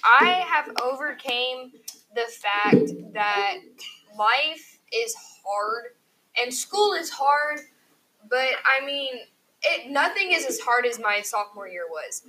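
A teenage girl co-hosting a casual group podcast, talking fast and loose with lots of "like" as she tells stories. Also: high voice, rough recording. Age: teens. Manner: animated, heavy use of "like", breathless storytelling. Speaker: podcast co-host, high school student.

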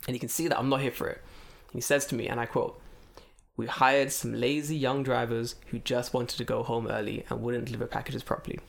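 A man's voice: medium pitch, brisk, vocal fry. A man telling a story in casual, profane chat, acting out the other people as he retells it. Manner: animated, profane, acts out voices in retelling. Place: lives in Japan.

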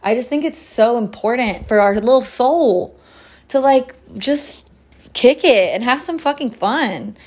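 A woman in her late twenties hosting a solo podcast, talking loosely and profanely with lots of fillers, relaxed as she sips tea between thoughts. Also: fairly high pitch, a little slow. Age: late 20s. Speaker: podcast host. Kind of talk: casual solo chat.

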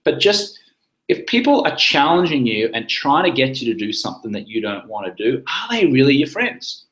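A man's voice: medium pitch, big pitch swings, moderate pace, fairly bright tone, roomy sound, rough recording. A man giving casual coaching advice, acting out sample lines in different tones to show how to say them. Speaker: sobriety coach.

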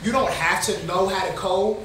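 A man guesting on a podcast, talking in halting casual chat with many fillers. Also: high voice, a bit bright, echoey room, slight background noise. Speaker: podcast guest, app founder.

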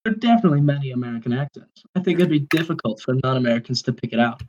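A young man, chatting on a podcast. His delivery is dry and deadpan, and his voice sits mid-pitched. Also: rapid-fire, dull audio, slight background noise. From southern Wisconsin. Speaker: podcast co-host. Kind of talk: casual chat.

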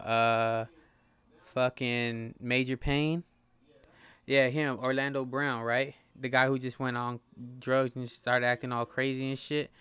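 A man in his thirties from Southern California, hosting his own podcast in a casual monologue, talking fast, stumbling and stuttering, and swearing freely. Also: mid-range voice, fairly bright tone, clean tone, no room sound. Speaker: podcast host.

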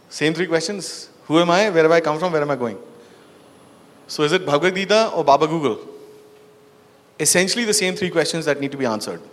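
A man's voice: fairly high pitch, a bit bright. A man giving a storytelling talk to an audience, asking them questions and dropping in frequent "you know" and "right". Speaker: conference speaker. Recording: long hall reverb.

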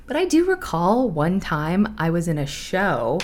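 A woman in her thirties hosting a podcast, chatting candidly and laughing often, with a profane, animated way of telling stories. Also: lowish voice, unhurried. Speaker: podcast host. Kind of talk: casual podcast chat.

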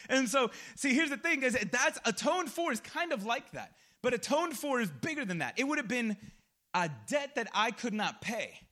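A man's voice: sits high, sharp tone. A male pastor preaching a sermon in a casual, conversational way, full of slang and personal stories, acting out his own reactions.

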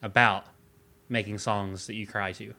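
A man's voice: on the low side, flat delivery, measured pace, bright, forceful tone. A man co-hosting a casual music podcast, explaining ideas about art with lots of "like". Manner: analytical, heavy use of "like". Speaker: podcast co-host.

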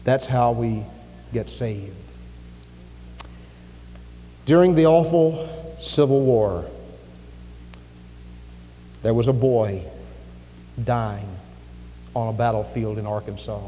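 A man preaching a sermon in a church, emphatic, with dramatic pauses and big swings in volume. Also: medium pitch, warm tone. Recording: echoey hall with faint music.

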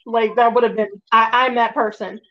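Animated high-voiced woman, lo-fi. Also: normal speed. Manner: animated storytelling, swears casually. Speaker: podcast guest. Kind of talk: casual chat. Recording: dull lo-fi audio.

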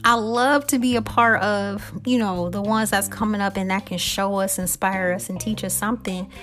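A woman's voice: medium pitch, steady tone, moderate pace, a bit bright, soft background music. Chatty woman podcaster, conversational. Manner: chatty, conversational, laughs often, repeats phrases. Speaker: podcast host. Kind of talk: casual reflective monologue.

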